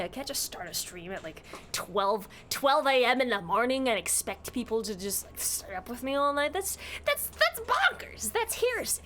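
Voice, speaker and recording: A woman's voice: a little high, a little hiss or hum. A woman live-streaming in a casual, rambling way, greeting her chat by name and slipping into silly voices. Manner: playful, drops into silly voices.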